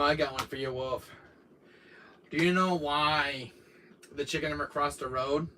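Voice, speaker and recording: A man's voice: a little high, sharp tone. A rambling, laughing man streaming from far off. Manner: rambling, laughing often, many fillers. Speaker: livestream host. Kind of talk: casual livestream chat. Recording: distant mic with faint noise.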